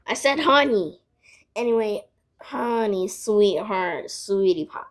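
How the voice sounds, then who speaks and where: A woman's voice: medium pitch, unhurried. A female voice telling a casual storytime vlog, rambling with lots of "like" and side remarks. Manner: rambling, filled with "like", frequent asides.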